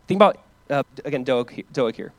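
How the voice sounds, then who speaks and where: A man's voice: mid-range voice, lively intonation, fairly quick, dry recording. A man preaching a sermon as pastor, earnest and emphatic, mixing scripture with casual asides.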